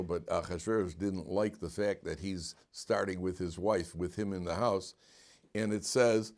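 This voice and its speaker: A rabbi a fairly low voice teaches an informal class. He talks in an animated way and stops often to question his students. His sentences break off and restart as he thinks aloud.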